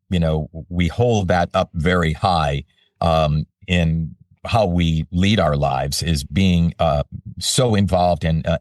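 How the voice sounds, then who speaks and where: An older man, a voice-over artist, telling animated stories in a casual interview. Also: low voice, dry recording, studio quality, far from the mic.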